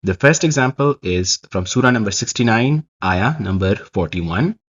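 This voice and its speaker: A man narrating a scripted Arabic grammar lesson, explaining each example slowly and carefully. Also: lowish voice, lively intonation, slightly rough, muffled recording.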